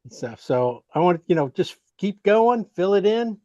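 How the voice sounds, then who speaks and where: A man's voice: high-pitched, very animated, moderate pace, darkish tone, no room sound, muffled recording. A man teaching an online painting class, giving rambling, encouraging feedback full of fillers.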